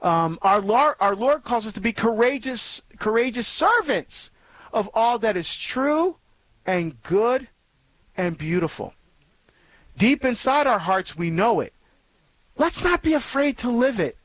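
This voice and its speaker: A man's voice: very high voice, very animated, a little slow, fairly bright tone, no room sound. A man hosting a Catholic call-in radio show, talking earnestly and conversationally with many fillers and restarts. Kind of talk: faith talk radio monologue.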